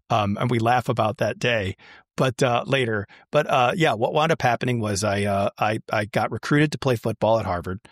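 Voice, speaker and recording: A man's voice: medium pitch, dry recording. Chatty man telling a story, dry sound. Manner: chatty, many fillers and restarts. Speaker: guest. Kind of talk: casual storytelling.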